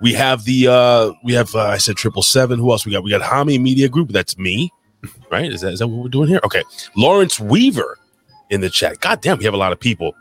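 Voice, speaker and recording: A man hosting a live podcast, reading out chat shout-outs in a loose, crude showman style. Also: mid-range voice, lively intonation, fast. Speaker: podcast host. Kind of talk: casual live podcast banter.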